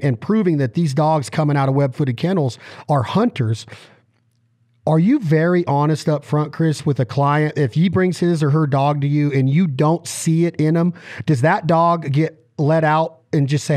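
A male podcast host with a slightly raised pitch asks long questions. He rambles and restarts as he goes. The recording is dry and close. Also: darkish tone, no room sound. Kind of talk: casual interview questions.

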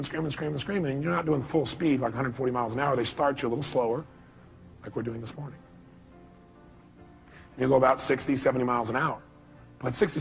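A man delivers a motivational seminar at a rapid clip, his voice fairly high and husky. He tells his stories with big, animated swings, acting out every quote. Faint music plays beneath him. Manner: animated storytelling, acts out quotes with big pitch jumps. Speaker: motivational speaker. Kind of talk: live seminar talk to an audience.

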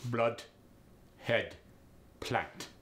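A man putting on a heavy Russian accent, repeating words and phrases slowly and deliberately. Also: mid-range voice, expressive, natural voice. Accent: put-on Russian accent. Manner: slow, deliberate, clipped repetition of words.

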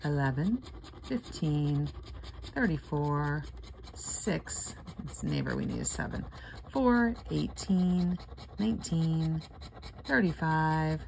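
A woman's voice: sits low, creaky, darkish tone, a little hiss or hum. An older woman casually chatting and reading out numbers while scratching lottery tickets, playful and sleepy. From Florida. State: sleepy, yawning.

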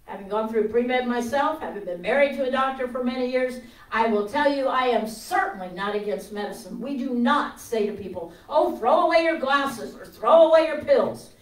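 A high-pitched woman preaches with fervent energy, rising to loud declarations and then dropping to a near hush while she tells a story. Her voice carries from a distance through an echoey room. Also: animated, normal speed. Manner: impassioned, swings from loud to hushed. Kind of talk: sermon.

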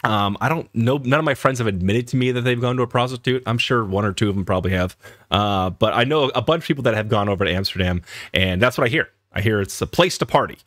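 A man's voice: lowish voice, fast, no echo, studio quality. A man from Boston with an American accent, chatting casually as he reacts to a video, with lots of fillers. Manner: animated, chatty, many fillers.

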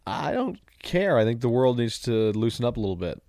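Brash, fast-talking man, swearing. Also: mid-range voice, sing-song, mellow, no echo. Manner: profane, brash, joking. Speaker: guest, social media comedian. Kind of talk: casual podcast chat. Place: office studio.

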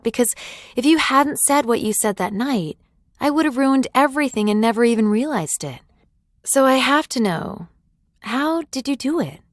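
A woman's voice: fairly high pitch, dry recording, clean studio sound, close to an everyday voice. A woman voicing a grown man who speaks in a choked, tearful way in a scripted ad story, without changing her own voice much. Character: emotional grown man, boyfriend, overwhelmed.

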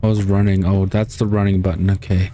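A man's voice: deep voice, little pitch movement, a little fast, dark tone, slight background noise. Jumpy, swearing man playing a horror game. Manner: jumpy, swears a lot, yelps and shrieks when startled. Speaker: let's play gamer.

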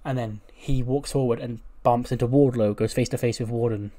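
A man's voice: medium pitch, fairly even intonation, fairly quick, warm tone. A man casually narrating a wrestling game storyline, telling it step by step. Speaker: let's-play narrator.

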